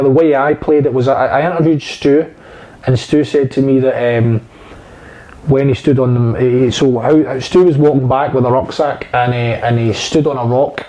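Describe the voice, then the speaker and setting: A man, an actor guest telling lively, swear-filled stories in a casual interview. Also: mid-range voice, poor audio. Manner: animated storyteller, swears freely.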